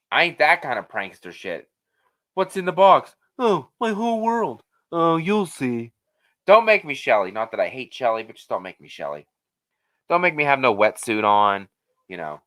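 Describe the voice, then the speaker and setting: A man hosting a casual live-stream Q&A, rambling and swearing freely as he reads the chat. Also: mid-range voice. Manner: rambling, profane, animated.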